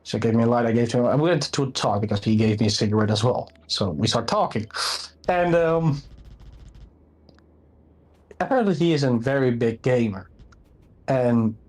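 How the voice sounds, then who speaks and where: A man with a Dutch accent chats on a live stream, telling stories in a loose, rambling way. His voice sits at an ordinary middle pitch. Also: moderate pace, long pauses, a little mellow. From Netherlands. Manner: rambling anecdotal storyteller. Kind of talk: casual storytelling on stream.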